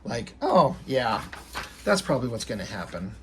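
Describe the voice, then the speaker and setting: A man's voice: mid-range voice, big pitch swings, normal speed, background noise. A man casually retelling comic strips in loose, rambling talk that slips into offhand swearing. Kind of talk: casual storytelling.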